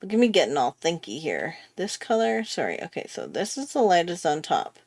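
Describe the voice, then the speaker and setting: A woman's voice: lowish voice, wildly swooping pitch, fairly quick, darkish tone, no echo, studio quality. A woman chatting casually while she draws on a livestream, self-mocking and laughing often. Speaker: artist hosting a drawing livestream. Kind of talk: casual chat while drawing.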